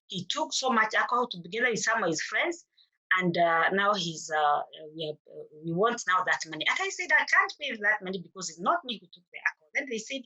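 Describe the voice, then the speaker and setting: A woman's voice: mid-range voice, sing-song, brisk, pushed and bright, rough recording. A middle-aged woman with a Kenyan accent, earnestly telling her own story as a mother at a forum and acting out the exchanges she recalls. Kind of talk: personal testimony at a forum.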